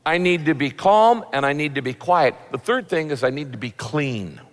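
A man's voice: on the high side, animated, moderate pace. A man preaching a sermon in a conversational, folksy way, acting out what people say. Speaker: pastor. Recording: long reverb of a large hall.

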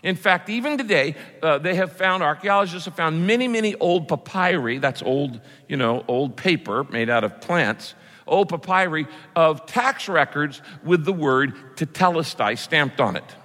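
Pastor guy preaching, pretty high voice, repeats stuff for emphasis, big echoey hall. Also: lively intonation, normal speed, pushed and bright. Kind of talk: sermon.

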